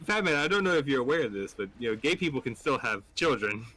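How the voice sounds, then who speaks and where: A man's voice: medium pitch, lively intonation, fast, bright, forceful tone, low-quality recording. A man telling a joke in a casual, rambling way, with lots of fillers.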